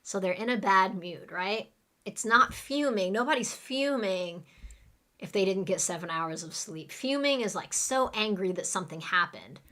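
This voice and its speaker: A woman's voice: mid-range voice, lively intonation, normal speed, bright, forceful tone. A woman teaches English vocabulary in a live online class. She explains each word in plain, everyday terms and then leads her students through repeat-after-me drills.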